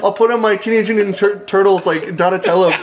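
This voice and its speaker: A man with a high voice jokes crudely in a casual podcast chat. He laughs through his sentences and piles on exaggerations. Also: steady tone, fast talker. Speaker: podcast host.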